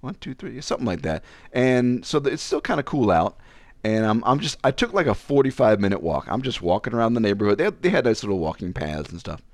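A man's voice: on the low side, big pitch swings, fast talker, no echo. A man hosting a podcast, telling a personal story in casual chat, self-mocking and laughing often. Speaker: podcast host.

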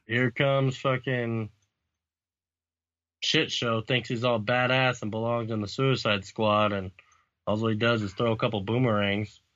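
Bright-voiced, profane casual man. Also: medium pitch, level tone, measured pace, no echo, highs cut off. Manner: profane, laid-back, laughing often. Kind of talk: casual comic book chat.

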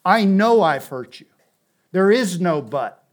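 Guy preaching a sermon, kinda high voice, earnest and punchy, repeats stuff for emphasis. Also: sing-song, slow. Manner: earnest, emphatic preaching with repeated phrases, dropping to soft intensity.

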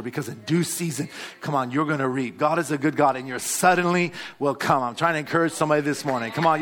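A man's voice: fairly high pitch, fairly bright tone, a little hiss or hum. A male pastor, preaching a sermon and calling out to the congregation. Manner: exhorting, calls out to the congregation.

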